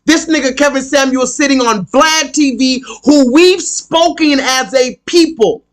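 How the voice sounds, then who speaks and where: A man's voice: very high-pitched, measured pace. A man streaming live, delivering a heated, profane rant to his viewers and repeating his points for emphasis. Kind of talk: ranting live stream monologue.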